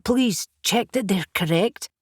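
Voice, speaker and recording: A woman's voice: medium pitch, slow pace, breathy edge, dry recording, clean studio sound, voice pushed up. A woman voicing a nervous young male hotel receptionist with a thick Scottish accent, polite and anxious. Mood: nervously polite.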